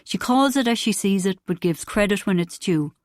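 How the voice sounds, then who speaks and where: A woman's voice: mid-range voice, animated, normal speed, darkish tone, dry recording, lightly acted. A woman reading an audiobook, voicing an embarrassed, sardonic teenage boy in a dry, wry way.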